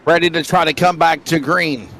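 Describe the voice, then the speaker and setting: A man doing play-by-play commentary on a sim race, with quick, excitable calls. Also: on the high side, slight background noise.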